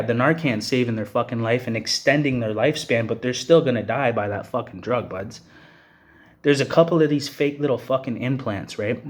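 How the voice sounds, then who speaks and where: An agitated man giving a heated, profane rant, with the filler "you know what I mean" coming up again and again. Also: medium pitch. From Canada. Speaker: vlogger. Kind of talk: angry rant to camera.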